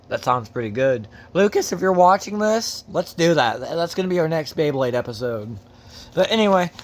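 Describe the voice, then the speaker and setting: A man hosting a casual unboxing video, rambling and joking as he goes off on tangents, with the odd swear word. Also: fairly high pitch. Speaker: host.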